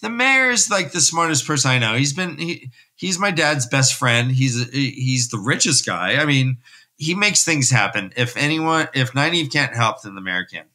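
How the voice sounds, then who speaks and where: A man's voice: medium pitch, expressive, moderate pace, bright, forceful tone. A man voicing an earnest, desperate young farm lad while retelling a fantasy story. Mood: pleading, hopeful.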